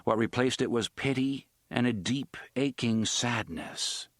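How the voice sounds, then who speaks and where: A man narrating a story in an expressive audiobook style. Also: mid-range voice, unhurried, dry recording, studio quality. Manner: expressive, varied delivery.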